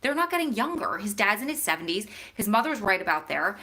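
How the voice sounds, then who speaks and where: A woman's voice: medium pitch, very animated, fast, bright, forceful tone. A woman vlogger in casual chat, answering viewer questions and talking straight to her audience. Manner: chatty, talks straight to viewers.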